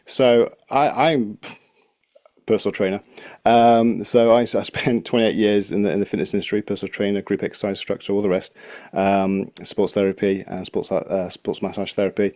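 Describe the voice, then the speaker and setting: A man in his forties, a podcast guest talking in a relaxed, halting way. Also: on the low side, no echo, studio quality. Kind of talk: casual conversation.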